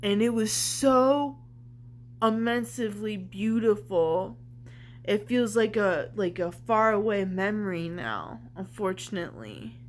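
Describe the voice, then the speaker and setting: A woman shares a deeply personal story on her vlog at an unhurried pace. She talks in a halting, searching way, filling pauses with "like" and "you know." Her tone is earnest and emotional. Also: slight background noise. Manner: halting and searching, heavy use of "like". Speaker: vlogger.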